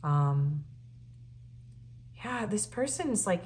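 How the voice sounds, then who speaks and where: A woman giving a casual, earnest and emotional tarot reading, often pausing on fillers and restarting her sentences. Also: on the low side. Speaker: tarot reader.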